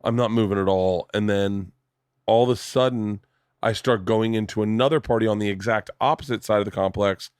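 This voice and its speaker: A man in his forties hosting a podcast in a home studio, telling animated stories and acting out the voices of the people in them. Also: lowish voice, a little fast, clean tone, dry recording. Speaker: podcast host. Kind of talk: casual chat.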